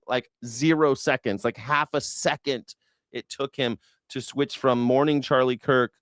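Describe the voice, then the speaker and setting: A man's voice: medium pitch, steady tone, unhurried, fairly bright tone, clean tone, dry recording, clean studio sound. A man hosting a news reaction live stream, rambling in a profane, sarcastic way.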